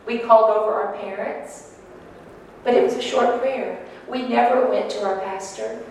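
A woman's slightly high voice carries her personal testimony to an audience, steady in tone and at normal speed, yet earnest and emotional. The clip was recorded far off in an echoey hall, with faint noise.

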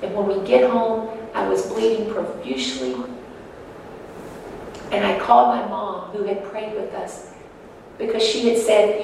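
In a fairly high, gravelly voice, a woman recounts her personal testimony to an audience, a little slowly and with heartfelt emotion. The sound is distant and echoey, as in a hall, with faint noise underneath.

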